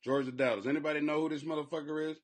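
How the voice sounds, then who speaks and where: A man hosting a podcast, riffing in crude, profane comedic commentary that rambles and swings in loudness. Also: a little high, little pitch movement, rapid-fire, a crowd in the background. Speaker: podcast host.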